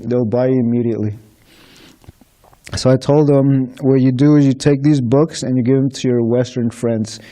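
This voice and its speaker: Casting: man, mid-pitched, very mellow dark tone, chatty storyteller who quotes people and laughs lightly. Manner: chatty anecdotes with quoted dialogue, frequent laughs. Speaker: book distributor sharing stories. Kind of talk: casual storytelling talk. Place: temple gathering.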